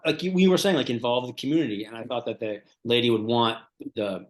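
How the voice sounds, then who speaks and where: A man's voice: mid-range voice, fast talker. Rambling male comedian piling up absurd details. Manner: rambling, lots of fillers, builds absurd details. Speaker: comedian co-host. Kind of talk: improvised comedy chat.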